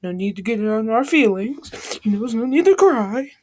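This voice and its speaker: A woman's voice: on the high side, expressive, moderate pace, a little mellow, a little hiss or hum, natural voice. Chatty teenage classmates, loose and slangy, all easygoing gossip, as a woman telling the story puts them on. Plain everyday voices. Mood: placating.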